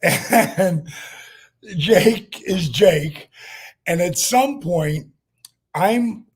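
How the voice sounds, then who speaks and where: A man in his sixties, a podcast guest telling a story in a lively, profane way with many fillers, acting out what people said. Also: sits high, very slow, slightly rough. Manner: profane, acts out quotes, lots of fillers. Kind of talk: animated storytelling.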